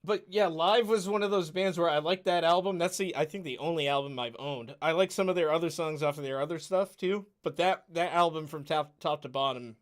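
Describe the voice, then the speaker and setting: A man's voice: fairly high pitch, brisk, few pauses. A man co-hosting a podcast, chatting casually, chiming in with wry remarks and a few restarts. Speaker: podcast co-host. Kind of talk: casual chat.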